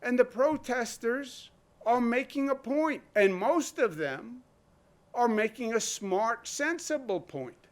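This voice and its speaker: A man's voice: very high voice, lively intonation, takes it slowly. A man, a state governor giving an impassioned speech full of rhetorical questions and punchy short phrases. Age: 60s. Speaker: state governor at a press briefing.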